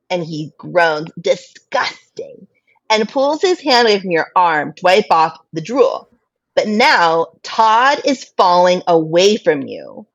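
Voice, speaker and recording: A woman reading a choose-your-own-adventure story aloud to a friend as game master, laughing often and jumping to high voices for quotes. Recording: dull lo-fi podcast mic with faint noise.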